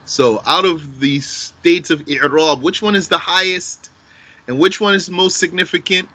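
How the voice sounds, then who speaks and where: A man teaching an Arabic grammar class in English, explaining terms slowly, repeating key phrases and quizzing his students. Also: on the high side, steady tone, pushed and bright, rough recording.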